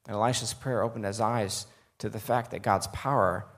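A man's voice: on the low side, steady tone, moderate pace, a bit bright. A man preaching a sermon, reading scripture aloud and turning to the listeners with earnest, conversational asides.

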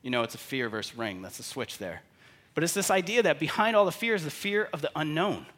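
A man preaching a sermon as pastor, animated, acting out stories and quotes in lively voices. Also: on the high side, quick pace.

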